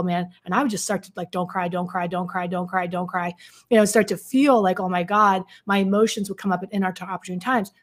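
A woman coach speaking frankly and earnestly, telling a personal story with many fillers and restarts. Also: mid-range voice. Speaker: codependency coach.

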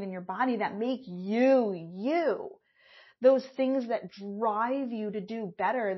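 A middle-aged woman hosting a solo podcast, talking in a candid, animated way and swearing casually. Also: a little high, husky, highs cut off. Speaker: podcast host.

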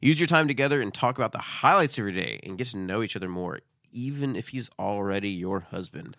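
A man's voice: on the low side, lively intonation, brisk, a bit bright, no room sound, clean studio sound. A man co-hosting a casual talk show, reading list items aloud and commenting on them. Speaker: podcast co-host.

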